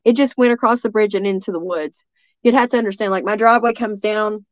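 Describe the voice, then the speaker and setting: A woman's voice: mid-range voice, quick pace, no echo, lo-fi sound. A woman from East Tennessee, telling a story as a guest in a rambling way, full of restarts and fillers. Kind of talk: casual storytelling.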